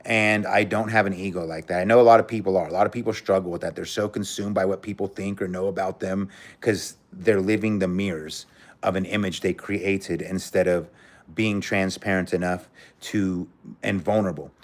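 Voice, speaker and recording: A man's voice: deep voice, steady tone, normal speed. Blunt, outspoken man streaming live. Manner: blunt, outspoken, cursing freely; earnest, emotional and candid. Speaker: livestream host. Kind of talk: casual livestream chat, reading viewer comments.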